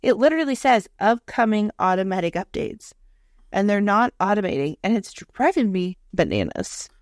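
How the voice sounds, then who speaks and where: A woman co-hosting a podcast, telling animated, profane stories in casual chat. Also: medium pitch, normal speed, no room sound, clean studio sound. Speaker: podcast co-host.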